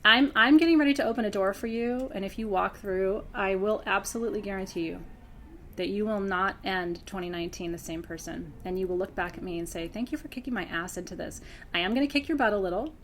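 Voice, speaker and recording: A woman's voice: mid-range voice, quick pace, slight background noise. Tearful earnest spiritual teacher woman. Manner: earnest, swings between hushed intensity and laughing brightness. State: close to tears. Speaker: spiritual teacher hosting a member Q&A. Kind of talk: emotional heartfelt address to students.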